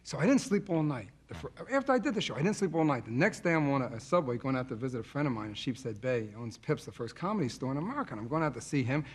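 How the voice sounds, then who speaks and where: A man's voice: mid-range voice, big pitch swings, rapid-fire, hardly any pauses, husky. A man telling jokes and stories on a television talk show, punchy, acting out the voices. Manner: punchy joke-telling with acted quotes. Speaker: stand-up comedian. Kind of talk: stand-up and talk show banter. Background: studio audience.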